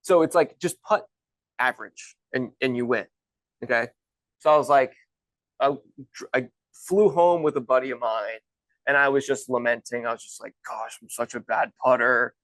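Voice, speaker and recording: A man's voice: medium pitch, moderate pace, pauses often, a bit bright, no room sound, low-quality recording. A man in his thirties, a golf instructor and former pro, telling stories in a loose, chatty way with many restarts. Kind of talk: casual storytelling.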